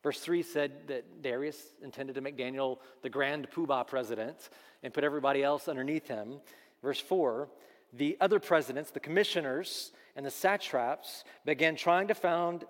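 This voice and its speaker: A middle-aged man preaching a conversational, animated sermon, asking the congregation questions as he teaches. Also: a little high, moderate pace. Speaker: pastor. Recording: long hall reverb.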